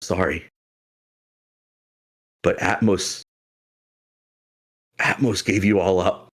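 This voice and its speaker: A man voicing a solemn male sorcerer who speaks gravely and apologetically. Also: deep voice, fairly even intonation, extremely slow, heavily acted.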